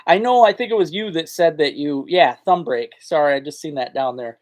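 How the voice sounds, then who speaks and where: A man with a slightly high-pitched voice hosts a casual live fishing stream. He talks in a folksy, rambling way and answers comments from chat as they come in. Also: a little fast. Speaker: fishing channel host.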